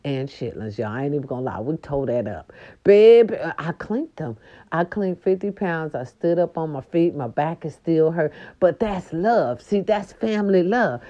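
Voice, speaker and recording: Sassy animated woman telling a story. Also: on the low side. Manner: animated, sassy, talks to viewers as "baby". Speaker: vlogger. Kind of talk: casual storytelling to viewers. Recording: dull lo-fi sound with faint music behind. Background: faint music.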